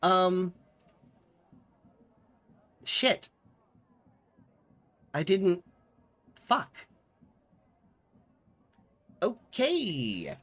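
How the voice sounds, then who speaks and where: Co-streamer, relaxed delivery; slow, animated pitch, casual swearing. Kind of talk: casual chat.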